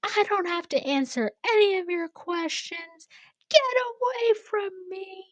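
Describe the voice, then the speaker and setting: A woman mimicking a rude, angry female customer in a shrill, indignant voice. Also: expressive, unhurried, no echo.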